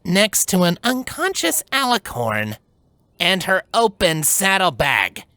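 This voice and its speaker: A man's voice: high voice, big pitch swings, measured pace, sharp tone, dry recording, voice pushed up, heavily acted. A man voicing a sarcastic, tomboyish young female pegasus, with a cold, scolding manner.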